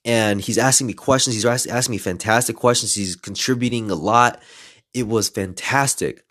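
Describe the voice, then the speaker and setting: A man in his twenties, a podcast host telling a story in casual, lively style, adding some playful swearing. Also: fairly low pitch, normal speed. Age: 20s.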